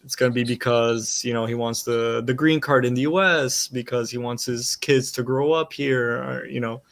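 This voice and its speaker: Flat-voiced man musing over soccer. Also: mid-range voice, normal speed, creaky. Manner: hesitant, many fillers and restarts. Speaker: soccer podcast panelist. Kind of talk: casual chat.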